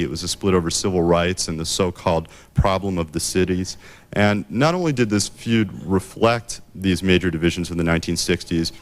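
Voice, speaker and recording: Male speaker, very deep voice, measured lecture delivery with frequent fillers. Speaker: author giving a book talk. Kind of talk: prepared lecture.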